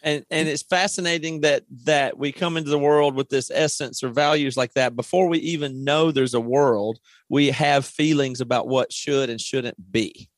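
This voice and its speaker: A man's voice: mid-range voice, fairly even intonation, moderate pace, few pauses, no echo. A man hosting a podcast, musing aloud with enthusiasm as he frames questions. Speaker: podcast host. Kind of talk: conversational interview.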